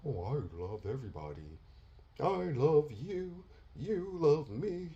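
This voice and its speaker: A man putting on an overly sweet, affectionate preacher's voice, in drawn-out mockery. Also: fairly high pitch, big pitch swings, warm tone, highs cut off, voice pushed up, full character voice. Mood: syrupy mockery. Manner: mocking, drawn-out and syrupy. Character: soft-spoken sugary male preacher, overly affectionate.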